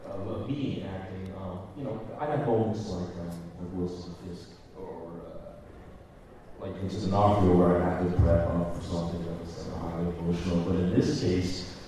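Male panel guest, chatty storyteller, booming hall reverb. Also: moderate pace, slight background noise. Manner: chatty, animated storytelling with filler words. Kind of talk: casual convention panel talk. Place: large echoey hall. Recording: echoey hall, mic from far off.

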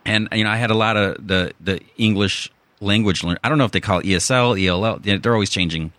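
Low, bright-voiced man with a Chicago accent. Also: fast, no echo. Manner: rambling, many restarts and fillers. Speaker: podcast host. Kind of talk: casual chat.

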